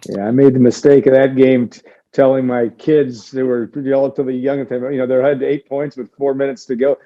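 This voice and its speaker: A man's voice: mid-range voice, little pitch movement, a little fast, lo-fi sound, a little hiss or hum. A man hosting a sports talk show, wrapping up the discussion and handing the floor to the other panelists. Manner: wraps up the discussion and hands off to others. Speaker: show host.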